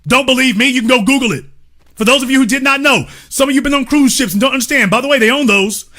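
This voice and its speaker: A man's voice: very high-pitched, fast talker, sharp tone. A man hosting a livestream, giving emphatic, profane opinion commentary and talking straight to his chat. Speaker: livestream host.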